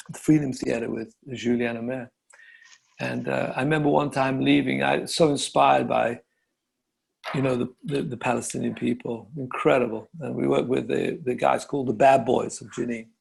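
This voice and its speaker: A man hosting an interview, speaking effusively with frequent halting restarts. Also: medium pitch, creaky, slightly rough. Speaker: yoga teacher, host. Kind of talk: conversational interview.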